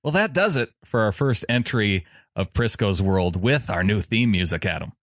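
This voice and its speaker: A man's voice: on the low side, animated, moderate pace, no room sound, studio quality. A man co-hosting a sports podcast, chatting in an easygoing way and laughing often. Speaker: podcast co-host. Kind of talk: casual sports chat.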